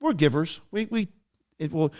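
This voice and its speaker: An animated middle-aged man chatting on a podcast, his voice crisp and resonant and a little higher than most men's. He is recorded close and dry, with no room sound, and he jumps from story to story. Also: moderate pace, dry recording. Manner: animated storyteller, excitable, frequent restarts. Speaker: podcast co-host. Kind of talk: casual chat.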